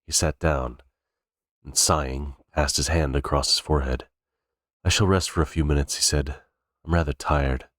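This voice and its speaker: A man's voice: very deep voice, steady tone, moderate pace, a bit bright, no echo, studio quality. A man reading a novel aloud unrehearsed, stumbling and restarting words now and then. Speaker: reader. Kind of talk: cold-read audiobook narration.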